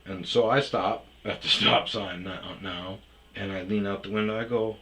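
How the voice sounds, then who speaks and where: A man's voice: lowish voice, fairly even intonation, moderate pace, sharp tone, poor audio. A man telling a personal story in casual, rambling talk, swearing often and filling gaps with ums and uhs. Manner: rambling, heavy swearing, many fillers. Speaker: storyteller host.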